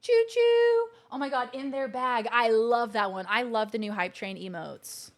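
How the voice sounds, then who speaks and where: A woman live-streaming a game from her couch at home, her voice sitting a touch higher than most. She chats in a bubbly, gushing way, thanking her viewers over and over. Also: fairly even intonation, moderate pace, a bit bright. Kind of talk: casual live-stream chat. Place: living room couch at home.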